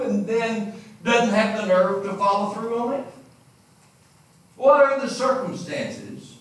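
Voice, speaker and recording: A man's voice: high-pitched, takes it slowly, a bit bright. A man preaching a sermon, retelling scripture stories with dramatic emphasis. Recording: very echoey room, distant mic.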